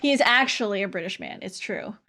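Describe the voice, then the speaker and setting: A woman's voice: medium pitch, brisk, bright, forceful tone. A woman streamer reading game dialogue aloud and chatting playfully with a co-host. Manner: giggly, playful. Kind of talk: casual gameplay chat and reading dialogue.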